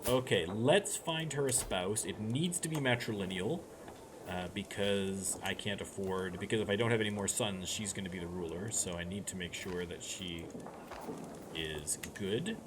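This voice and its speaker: A man with a lowish voice gives casual commentary while he plays a strategy game. He muses aloud and often starts sentences over. There is clear noise behind him in the recording. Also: normal speed. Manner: musing aloud, chatty with frequent restarts. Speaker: let's play streamer. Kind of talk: gameplay commentary.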